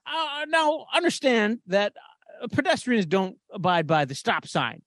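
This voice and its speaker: A man's voice: sits high, very animated, moderate pace, fairly bright tone, no room sound. A man co-hosting a podcast, telling a story in casual chat and swearing freely. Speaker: podcast co-host.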